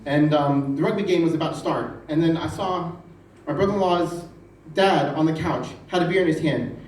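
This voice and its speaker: A man from the United States telling a rambling, profane stand-up story with animated delivery. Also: fairly high pitch, normal speed. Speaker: stand-up comedian. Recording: roomy, distant, noisy.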